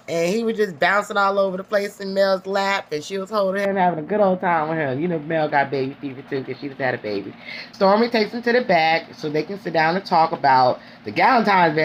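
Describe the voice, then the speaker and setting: A woman's voice: mid-range voice, a little hiss or hum. A young woman recapping a reality show in casual, sassy commentary, peppering her talk with "honey" and "okay?". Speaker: reality TV reviewer.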